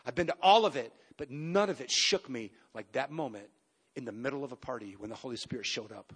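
A sermon in a large church comes from a man in his fifties who tells his story vividly, with emphatic pauses and bursts of sudden loudness. His voice is husky and medium in pitch.

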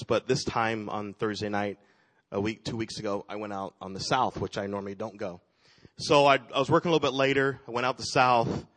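A man's voice: mid-range voice, fairly bright tone. A man who directs a church ministry team tells a personal testimony to the congregation, speaking earnestly and acting out the people in his story. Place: church sanctuary.

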